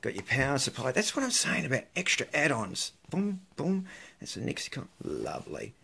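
A man's voice: mid-range voice, big pitch swings, moderate pace, creaky, pushed and bright, husky. A man chatting casually while unboxing parcels for his vlog, muttering asides to himself between remarks. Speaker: electronics hobbyist vlogger.

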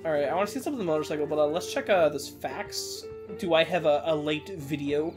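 A let's-play host giving casual, excitable commentary while playing, leaning on "like" fillers and swapping swear words for a silly stand-in. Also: mid-range voice, a little fast, soft background music. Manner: excitable, many "like" fillers, swaps swears for "floof".

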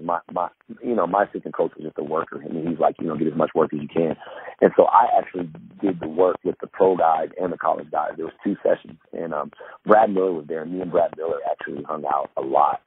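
A man, a former pro basketball player, telling rambling, animated stories in a podcast interview, full of restarts and acted-out quotes. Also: low-pitched, fast, husky. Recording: tinny phone-line sound, faint hiss.

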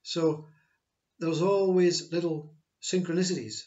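A man giving a slow, reflective spiritual talk, repeating his phrases as he teaches. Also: fairly high pitch, steady tone, darkish tone, muffled recording. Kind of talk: spiritual monologue.

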